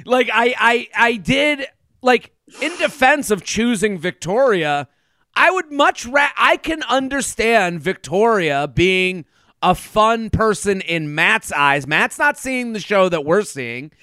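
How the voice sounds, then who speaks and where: High, crisp-voiced man co-hosting a podcast. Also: slow pace, no echo. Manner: animated, acts out quotes with crude asides. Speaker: podcast co-host. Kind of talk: casual chat.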